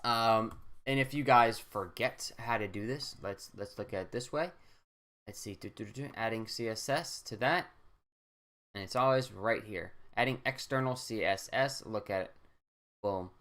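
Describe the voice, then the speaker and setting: A young male instructor walks through a coding lesson on a screen recording, speaking at normal speed in a fairly low, somewhat bright voice. He rambles casually and often asks "right?" to keep students with him.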